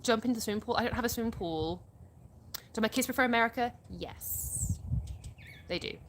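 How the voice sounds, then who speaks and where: A woman's voice: on the high side, a little fast, a little hiss or hum. A woman, hosting a live stream outdoors, reading viewers' comments aloud and answering them chattily. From England. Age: 30s. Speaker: livestream host.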